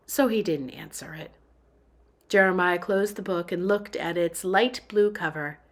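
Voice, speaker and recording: A woman reading a novel aloud in a steady storytelling manner. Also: fairly low pitch. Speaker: book reader.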